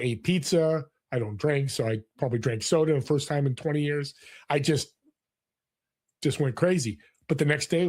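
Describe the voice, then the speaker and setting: A man in his sixties, a guest in a casual interview, telling personal stories earnestly with lots of restarts. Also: medium pitch. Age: 60s. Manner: earnest, animated storyteller with frequent restarts. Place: California.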